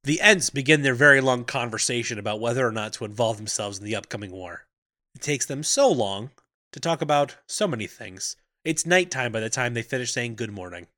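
A man's voice: medium pitch, animated, brisk, bright, forceful tone, no room sound, clean studio sound. A man co-hosting a podcast, casually recapping a film's plot and acting out characters' lines for laughs. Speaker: podcast co-host. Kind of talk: casual movie recap chat.

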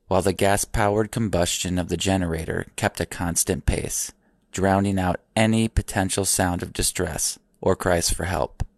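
A man giving measured, dramatic scripted narration for a documentary. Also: sits low, creaky, dry recording, studio quality.

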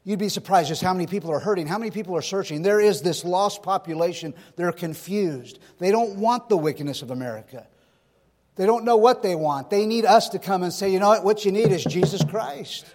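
Pastor, male, high-pitched, folksy sermon delivery, live hall reverb. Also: fairly quick, darkish tone. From California. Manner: folksy preaching with stories and rhetorical questions.

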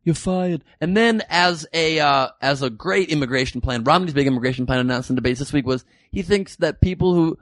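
A man's voice: on the high side, a little fast, few pauses, fairly bright tone, no echo. A man hosting a comedy podcast, laid-back and laughing often while talking politics. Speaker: podcast host. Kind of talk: casual political comedy chat.

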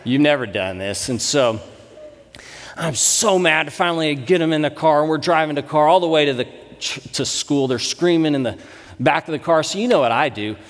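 A man in his thirties, a pastor, giving a sermon with conversational, animated storytelling. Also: fairly high pitch, normal speed. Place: church sanctuary. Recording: long reverb in a church hall.

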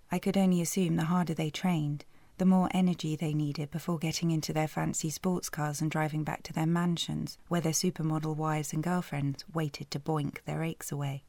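Low gravelly British woman narrating. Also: dark tone, no echo. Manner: dry, sardonic storytelling. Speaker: audiobook narrator. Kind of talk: first-person romance audiobook narration.

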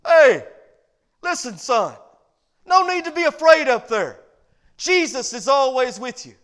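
A man's voice: extremely high pitch, lively intonation, fast, fairly bright tone, clean tone, voice pushed up. A man voicing a weary mother who calls out to her son from downstairs. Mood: calling out. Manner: calling out, raised voice.

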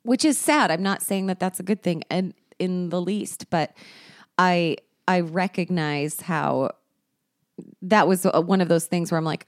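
A woman's voice: fairly low pitch, a little slow, no room sound, studio quality. A woman co-hosting a podcast in casual chat, talkative and self-deprecating, laughing often as she tells stories. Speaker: podcast co-host.

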